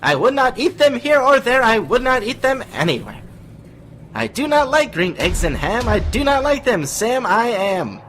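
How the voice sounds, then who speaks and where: A man putting on a high, loud and excitable voice for a goofy friend character reading a rhyme. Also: normal speed, a little hiss or hum, exaggerated voice. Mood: excited.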